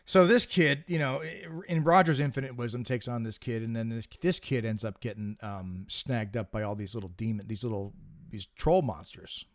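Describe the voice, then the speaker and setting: A man co-hosting a casual movie review podcast, joking crudely and laughing along with quick yeps. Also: mid-range voice. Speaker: podcast co-host.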